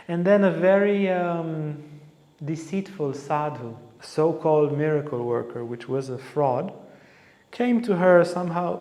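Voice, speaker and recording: A man's voice: a little high, gravelly. A man teaching as a spiritual teacher, telling a story with animation and acting out the lines of the people in it. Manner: animated storyteller who acts out quotes. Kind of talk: storytelling talk. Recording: echoey hall reverb.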